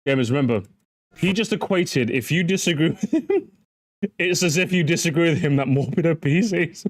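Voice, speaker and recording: A high-pitched male streamer gives animated, mocking commentary on clips and keeps breaking into laughter. His voice swings widely in pitch. The recording is close and dry. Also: normal speed, no echo.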